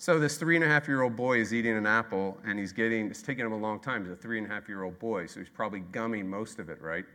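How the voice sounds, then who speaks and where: Brief: male pastor, 30s, bright forceful tone, sermon with sharp swings between shouting emphasis and soft, slow lines. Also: lowish voice. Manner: swings from loud emphatic repetition to quiet, slow delivery.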